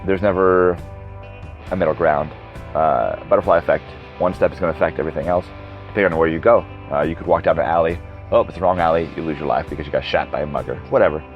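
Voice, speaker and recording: A man's voice: extremely low pitch, fast. A man in his thirties hosting a solo podcast, rambling casually, going off on tangents and correcting himself as he goes. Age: 30s. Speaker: podcast host. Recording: dull lo-fi recording with music behind. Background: background music.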